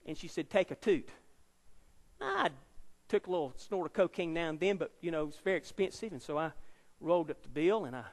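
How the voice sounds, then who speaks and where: Very animated and quick, this man in his fifties preaches his life story to a university crowd, his fairly high voice acting out characters with dramatic emphasis. A long reverb tail fills the large university auditorium.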